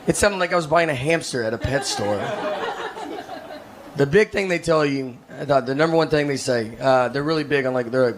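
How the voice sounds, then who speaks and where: A man from Tennessee, in his thirties, doing a rambling, deadpan, self-deprecating stand-up set on a theater stage. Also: medium pitch, moderate pace. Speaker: stand-up comedian. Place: theater stage with a laughing audience. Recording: live stage recording with clear noise.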